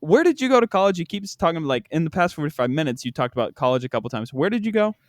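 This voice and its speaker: A male podcast host speaks with a slightly raised voice that leaps around in animated swings of pitch. He gets excitable and incredulous, firing off quick outbursts between casual chat. The sound is dry and close, with no room around it. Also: no echo.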